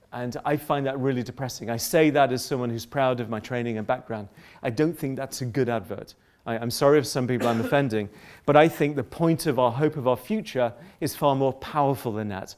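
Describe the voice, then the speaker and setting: A middle-aged man giving a public lecture, polemical and lively, often breaking off into asides and restarts. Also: mid-range voice. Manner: animated, polemical, self-interrupting with asides.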